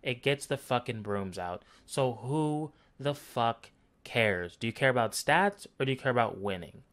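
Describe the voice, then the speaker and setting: A man's voice: mid-range voice, animated, unhurried, fairly bright tone. A man ranting through a basketball game analysis, blunt, profane and sarcastic. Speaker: basketball commentary vlogger.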